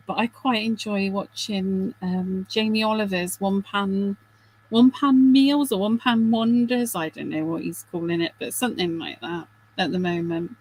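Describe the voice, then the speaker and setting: A woman's voice: medium pitch, darkish tone, slight background noise, low-quality recording. A middle-aged woman hosting a craft video, chatting casually and self-deprecatingly while she works, with giggly asides.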